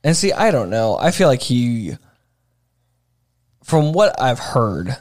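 A man's voice: mid-range voice, big pitch swings, slow pace, darkish tone. Male podcast co-host, casual chat, rambling, lots of fillers and restarts.

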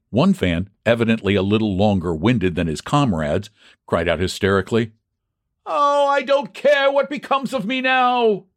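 Male audiobook narrator, lowish voice with wide, lively pitch, dry close sound. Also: no echo. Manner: expressive reading, shouting out the fans' cries. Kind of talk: scripted narration of a classic baseball story.

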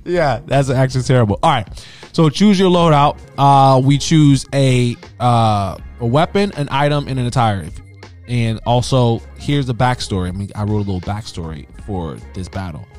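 A man co-hosting a casual podcast, animated and laughing, rambling with lots of restarts. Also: mid-range voice, moderate pace, soft background music. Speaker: podcast co-host. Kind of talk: casual chat.

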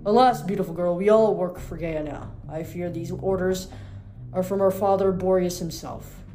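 A woman's voice: on the low side, fairly even intonation, moderate pace, dark tone, faint music behind, lightly acted. Lady reading as a vain flirty wind-god guy, flowery and courtly, storybook read-aloud.

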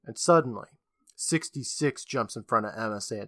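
A man co-hosting a podcast recaps an episode, telling the story casually with jokes and some swearing. His voice is medium-pitched, animated and a bit bright, at a moderate pace, with clean studio sound and no room echo.

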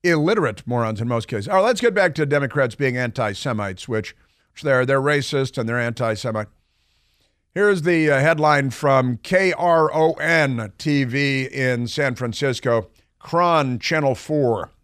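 Male talk radio host, mid-pitched, sarcastic and mocking monologue, dry close studio sound. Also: unhurried, fairly bright tone, clear, resonant tone, dry recording.

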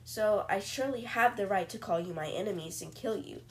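A woman voicing a stern, secretive male submarine captain in a cold, measured way. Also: medium pitch, a little hiss or hum, lightly acted. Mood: firm.

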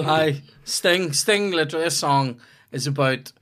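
A man's voice: on the high side, a little slow, a bit bright. A man hosting a casual comedy podcast, joking and singing along with a guitar. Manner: jokey, breaks into song and impressions. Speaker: podcast host.

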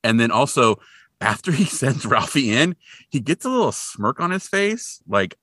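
A man hosting a podcast, casually recapping a movie as an animated storyteller who acts out the characters. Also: medium pitch, normal speed, no room sound, studio quality. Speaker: podcast host.

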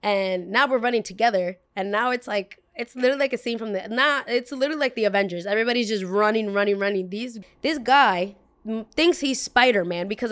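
A young woman hosting a podcast, telling a story in a casual, chatty way, full of "like" and acted-out voices of the people involved. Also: fairly high pitch. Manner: chatty, peppered with "like", acts out quoted voices. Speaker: podcast host.

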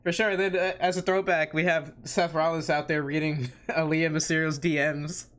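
A man's voice: fairly high pitch, flat delivery, moderate pace, fairly bright tone. A man co-hosting a podcast in casual chat, laid-back and jokey, calling his partner "pal". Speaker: podcast co-host.

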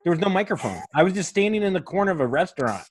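A man's voice: sits high, sing-song, rapid-fire, slightly rough. A man who is a comedian hosting a podcast, telling a rambling story in casual chat and swearing often.

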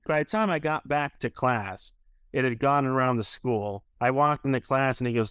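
A man's voice: mid-range voice, fairly quick, a bit bright, clear, resonant tone, no room sound. A man in his thirties from New Hampshire, a guest telling a story casually and peppering it with "like". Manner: rambling, filler-heavy with frequent "like". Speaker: restaurant owner guest.

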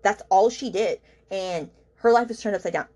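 A woman's voice: mid-range voice, normal speed, darkish tone. A woman hosting a book podcast, ranting casually in an exasperated, rambling way with lots of fillers.

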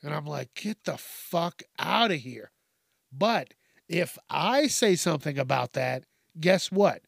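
A man's voice: fairly high pitch, expressive, takes it slowly, gravelly, slightly rough, dry recording, studio quality. A man hosting a podcast, delivering a profane comedic rant and laughing at his own jokes. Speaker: podcast host.

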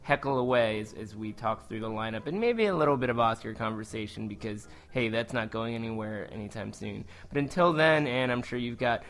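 Male podcast host, clear and bright, casual reflective chat. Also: lowish voice, fairly quick, few pauses. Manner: thoughtful, conversational, restarts when building a point.

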